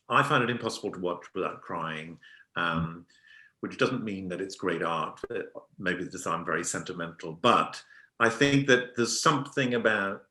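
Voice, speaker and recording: Earnest low-ish voiced man asking the questions, sounds like a roomy echoey space. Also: sharp tone. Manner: earnest, openly emotional. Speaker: programmer and interviewer. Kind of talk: interview questions and commentary. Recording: roomy echo.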